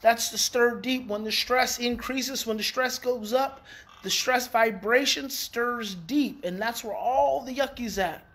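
A man and parenting educator in a casual daily talk to viewers. He is emphatic, repeats key phrases and swings in pitch. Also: a little slow, a bit bright. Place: outdoors in the evening.

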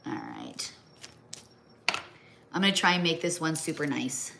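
Lower-voiced chatty woman streaming from home. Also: huge pitch swings, a little slow, creaky, fairly bright tone, a little hiss or hum. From American Midwest. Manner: chatty, rambling, talks to her pets mid-sentence. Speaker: livestream host. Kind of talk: casual chat while crafting. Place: home kitchen or craft table.

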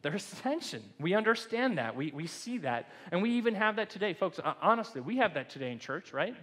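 A man's voice: high-pitched, very animated, a little fast, fairly bright tone. A man preaching a sermon as pastor in a loose, joking, conversational way. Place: church sanctuary. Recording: long church hall reverb.

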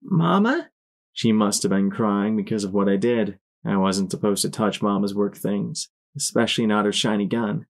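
Man, audiobook narrator, fairly low voice, measured expressive reading.

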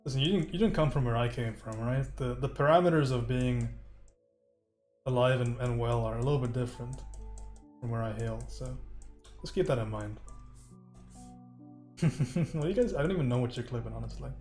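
A man's voice: medium pitch, moderate pace, pauses often, a little mellow. Chatty man streaming an art lesson. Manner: chatty, swears, talks to chat. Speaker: livestream art tutor. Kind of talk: casual livestream art tutorial. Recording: roomy echo, faint music.

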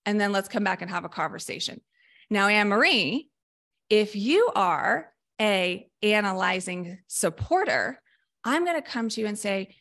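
A woman mental performance coach explaining coaching methods in a podcast discussion, energetic and emphatic, now and then acting out short coaching lines. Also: mid-range voice, unhurried.

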